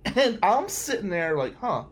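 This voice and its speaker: A man's voice: sits high, big pitch swings, measured pace, husky. A middle-aged man hosting a podcast, candidly telling a personal story with blunt, emphatic phrasing. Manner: candid, emphatic, with some swearing. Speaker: podcast host.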